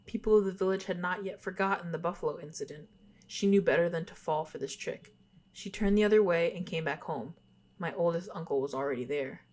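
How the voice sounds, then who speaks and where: Low-voiced young woman reading spooky stories. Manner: giggly, apologetic about stumbles while reading. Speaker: podcast co-host. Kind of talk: reading spooky stories aloud, casual chat.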